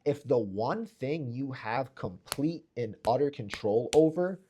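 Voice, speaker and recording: A young fitness vlogger gives an intense, preachy motivational monologue to camera, repeating phrases for emphasis and mocking imagined people in sarcastic voices. His mid-range voice is animated yet measured in pace and mellow in tone, though the recording is muffled with a little hiss or hum.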